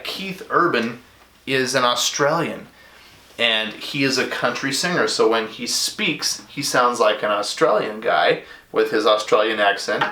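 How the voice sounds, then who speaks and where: Guy music teacher rambling through a lecture, bright forceful voice, echoey room. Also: mid-range voice. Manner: casual, chatty, with fillers and asides. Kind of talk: recorded lecture to students.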